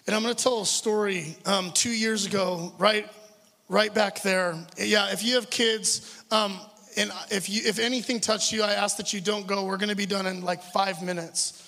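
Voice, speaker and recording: High-voiced man preaching in a hall. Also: fairly even intonation, normal speed, vocal fry, bright, forceful tone. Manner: earnest, conversational preaching with stumbles. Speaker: pastor. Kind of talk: sermon. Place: church hall. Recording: long hall reverb with music.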